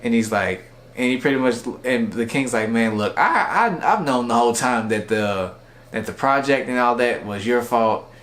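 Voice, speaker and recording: A man's voice: mid-range voice, moderate pace, background noise. A man casually recapping and reviewing an anime episode, rambling with lots of "like" and "you know". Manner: rambling, filler-heavy with frequent "like". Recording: echoey room.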